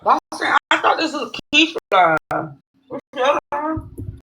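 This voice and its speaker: A woman's voice: high-pitched, lively intonation, a little slow, sharp tone, low-quality recording. A woman on a livestream asking blunt, short questions. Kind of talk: casual livestream chat.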